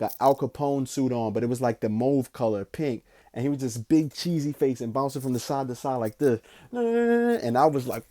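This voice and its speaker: A young man telling a personal story in a casual, animated way, swearing often and filling his talk with "like". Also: medium pitch. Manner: animated, profane, frequent "like" fillers. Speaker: podcast host.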